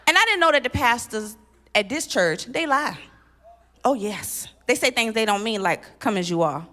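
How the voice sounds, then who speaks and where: Bright, punchy woman doing stand-up. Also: fairly high pitch, normal speed. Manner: punchy, animated delivery with sudden loud exclamations. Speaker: stand-up comedian. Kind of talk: stand-up comedy set. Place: live stage at a church event.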